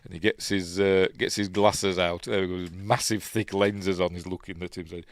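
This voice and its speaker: A man's voice: low-pitched, flat delivery, normal speed, dry recording, studio quality. A man with a Yorkshire accent hosting a film review podcast, talking casually through the film and chuckling at his own asides.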